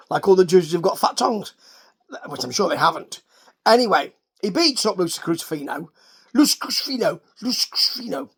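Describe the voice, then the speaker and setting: A man's voice: high-pitched, breathy edge. Rambling man recapping wrestling. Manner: wry, rambling, full of asides and restarts. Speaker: wrestling show reviewer.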